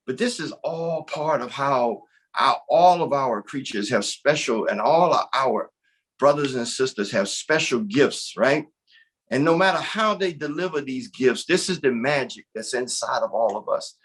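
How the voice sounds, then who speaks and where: A man from North Carolina telling a traditional creation tale in a lively, conversational storyteller's manner. His voice is of middling pitch with a slightly husky, breathy edge. He keeps checking in with his listeners as he goes. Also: a little slow. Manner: animated, conversational, with frequent "right?" check-ins.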